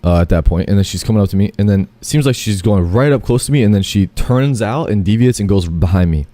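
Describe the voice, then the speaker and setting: Guy with a deep mellow voice telling a wandering story, lots of um and like, swears a bunch, dry sound. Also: lively intonation, fast, dry recording. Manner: meandering, lots of fillers and self-corrections, swears casually. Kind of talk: rambling first-person storytelling.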